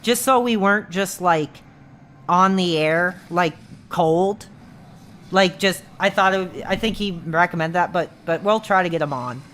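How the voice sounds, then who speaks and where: A man's voice: high-pitched, measured pace, fairly bright tone, a little hiss or hum. A man chatting casually on a live stream, rambling with lots of fillers and restarts.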